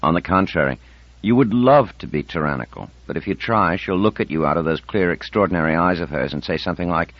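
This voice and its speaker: Narrator doing a slow, dry-witted man, deep, flat dull sound. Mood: wry. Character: calm, wry middle-aged man, deliberate. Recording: dull dry audiobook recording.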